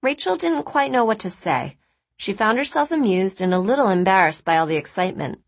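A woman narrating a novel aloud in an expressive reading voice. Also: medium pitch, a little fast, no echo. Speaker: audiobook narrator.

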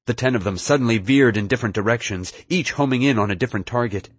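Husky guy reading an audiobook first person, lowish voice, dry sound. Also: fast talker, no room sound. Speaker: audiobook narrator.

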